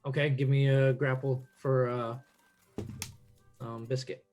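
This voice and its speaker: A man's voice: mid-range voice, flat delivery, measured pace, a little mellow, faint music behind. A man narrating as game master, easygoing and patient as he calls for rolls.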